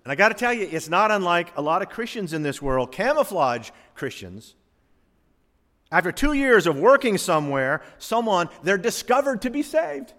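A man preaches a sermon, his fairly high voice leaping through a wide, lively range. He drops to near hushes and then climbs to booming peaks. The sound rings with the long reverb of a large hall. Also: moderate pace. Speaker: pastor.

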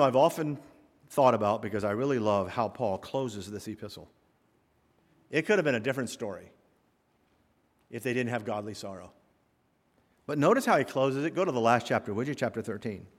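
A male pastor preaching a sermon, swinging from quiet asides to loud, rising exhortation. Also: medium pitch, lively intonation, normal speed, pauses often. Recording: long hall reverb.

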